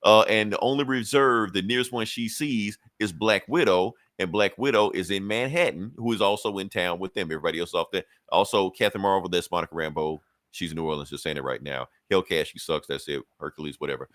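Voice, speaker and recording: A man recaps a comic episode on a podcast, rambling and swearing freely as he goes. His voice sits low, and the sound is dry and close with no room echo. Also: brisk, few pauses, fairly bright tone. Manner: loose, profane, rambling storytelling. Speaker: podcast co-host.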